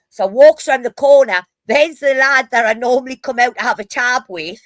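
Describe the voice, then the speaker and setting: A woman's voice: a little high, brisk, dry recording. A woman with a Geordie accent, telling rowdy stories in a casual live stream chat, brash and full of swearing. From North East England.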